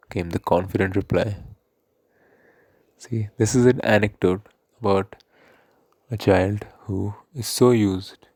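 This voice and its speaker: A male teacher with an Indian English accent, explaining a poem in an online English lesson in a slow, careful way. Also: sits low, dark tone, no room sound. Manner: slow, explanatory, reads poem lines aloud.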